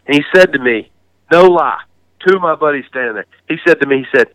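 A man's voice: on the high side, lively intonation, fast, a bit bright, no room sound, rough recording. A man hosting a hunting podcast, chatting casually and telling stories with frequent laughs and restarts. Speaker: podcast host. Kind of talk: casual chat.

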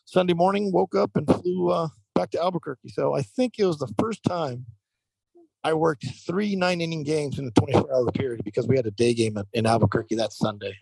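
A man who works as a professional baseball umpire, telling lively stories in a casual interview with many fillers. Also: a little high, a little fast, gravelly, breathy edge, no room sound, rough recording. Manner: animated anecdotal telling, frequent fillers.

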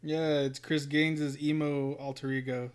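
A man's voice: fairly high pitch, flat delivery, a little slow, smooth. A man in casual chat as a podcast co-host, swearing freely, laughing often and telling anecdotes.

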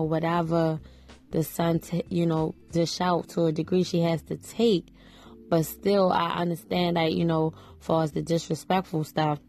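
A woman's voice: deep voice, gravelly, darkish tone. A woman hosting a podcast, giving casual opinions on a reality show in a chatty way, full of "you know" fillers. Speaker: podcast host.

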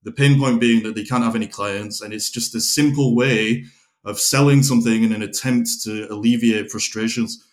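Podcast host, male, mid-pitched, blunt and reflective, swears casually. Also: fairly even intonation, normal speed.

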